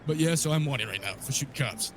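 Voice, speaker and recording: A man recapping a wild story in character, swearing a lot and telling it with animated energy. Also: mid-range voice, fast talker, noisy background.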